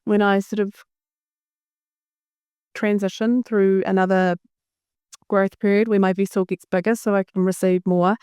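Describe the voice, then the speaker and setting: Woman, podcast host, reflective, spiritual talk, smooth resonant voice, dry sound. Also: medium pitch, flat delivery, unhurried, long pauses, darkish tone, no echo. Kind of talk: reflective conversation.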